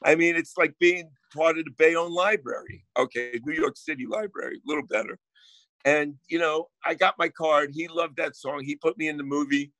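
A man's voice: a little high, normal speed, gravelly, pushed and bright, no echo. A man with a New Jersey accent, a guest songwriter telling brash stories in casual podcast chat and swearing freely.

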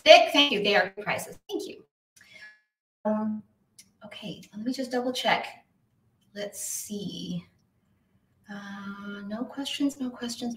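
A woman's voice: a little high, fairly bright tone, recorded from a distance. A woman hosting a live online violin lesson, chatty and upbeat, greeting viewers by name as she reads their questions from the chat. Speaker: violin teacher hosting a livestream. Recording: echoey room, voice from off the mic, faint hiss.

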